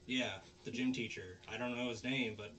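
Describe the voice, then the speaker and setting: A man's voice: mid-range voice, steady tone, moderate pace, fairly bright tone. Man podcast host, casual rambling recapper, mid-range voice. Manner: rambling, many fillers and restarts.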